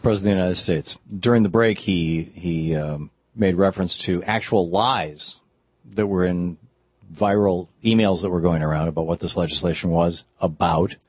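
A male radio host with a low, husky voice speaks in an animated, opinionated way, often restarting his sentences. The studio sound is dry and slightly dull, with faint music in the background. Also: moderate pace, no echo. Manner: animated, conversational, with frequent restarts. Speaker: radio talk show host. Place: broadcast studio.

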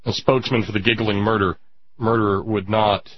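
Husky, low-pitched male commentator, indignant monologue, dry and dull lo-fi sound. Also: flat delivery. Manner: indignant, drawn-out emphatic pauses. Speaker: radio commentator. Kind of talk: impassioned political monologue.

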